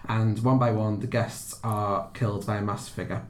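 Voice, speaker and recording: A man's voice: fairly low pitch, fairly even intonation, normal speed, roomy sound. A man hosting a horror podcast, chatty and laughing easily as he introduces the episode. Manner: chatty, laughing, self-deprecating. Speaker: podcast host. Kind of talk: casual podcast chat.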